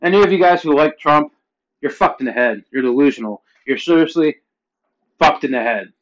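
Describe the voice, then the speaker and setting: A man in his forties, originally from Pennsylvania, vents in a casual, swearing rant that keeps climbing louder and higher. His voice sits slightly high for a man. The recording is dull and lo-fi. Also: animated, a little fast. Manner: profane, heated ranting that climbs louder and higher. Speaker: vlogger.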